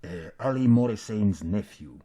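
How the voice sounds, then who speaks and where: A man's voice: fairly low pitch, animated, moderate pace, dark tone, husky, voice pushed up. A man voicing a weary adult adventurer in a fake beard, speaking with a Scottish accent in a hesitant, exasperated way.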